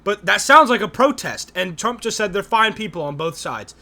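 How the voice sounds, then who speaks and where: A young man gives profane reaction commentary, mocking everything he hears. His voice is high and very bright, with a gravelly fry, and his pitch swings widely. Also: expressive, moderate pace. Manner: crude, mocking, laughs often, talks over clips. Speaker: streamer reacting to a debate.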